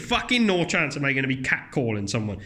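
A man with a blunt, profane, animated manner, ranting in casual comedic chat, his voice jumping high when he mocks others. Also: brisk.

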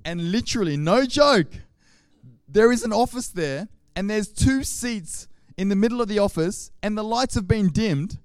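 An Australian man preaches a sermon full of funny stories, acting out each scene with lively sound effects. His voice sits fairly high. The sound is dry and close, with no room echo. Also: normal speed, clear, resonant tone. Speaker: pastor. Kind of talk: humorous sermon storytelling.

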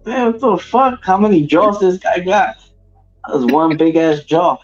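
A man's voice: high-pitched, unhurried, faint music behind. Slangy rambling man on lo-fi audio. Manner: rambling, slangy, full of fillers and "you know what I mean". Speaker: podcast co-host. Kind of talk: casual wrestling chat. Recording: dull lo-fi audio.

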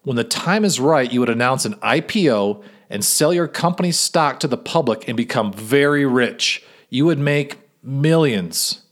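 A man reading a story aloud and voicing a pushy, self-assured male businessman who lectures in a brisk way. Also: medium pitch, expressive, natural voice. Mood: pushy, smug.

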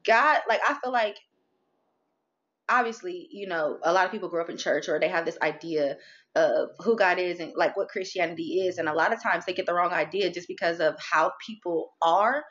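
A woman talking candidly about faith and frustration, animated and expressive, acting out her inner dialogue. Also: on the low side, moderate pace, dull audio. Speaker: guest, merch business owner.

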